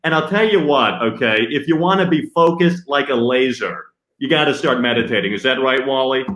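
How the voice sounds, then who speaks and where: A man putting on a smug, self-assured preacher of a voice, low and emphatic, with clipped asides. He talks with total certainty, and the recording has a roomy echo. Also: brisk, a bit bright, close to an everyday voice.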